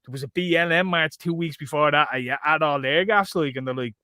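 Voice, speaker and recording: A man's voice: on the high side, fairly quick, clear, resonant tone, dry recording, clean studio sound. A man co-hosting a casual podcast, telling stories with lots of swearing and imitated voices. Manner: swearing, animated storytelling with mimicked voices. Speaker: podcast co-host. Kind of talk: casual chat.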